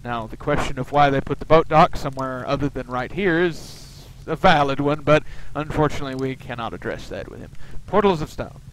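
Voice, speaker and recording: A man's voice: mid-range voice, fairly quick, few pauses, slight background noise, low-quality recording. A man hosting a let's play, giving casual gameplay commentary full of rambling, wry asides.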